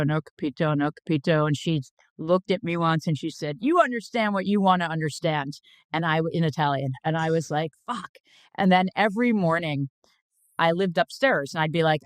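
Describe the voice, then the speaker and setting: Fifty-something woman chef telling stories, smooth voice, dry close sound, says like a lot and swears a bit. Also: low-pitched, dry recording. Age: 50s. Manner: chatty, animated anecdotes with frequent "like" fillers; blunt, swears freely. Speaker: chef, interview guest. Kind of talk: casual interview storytelling.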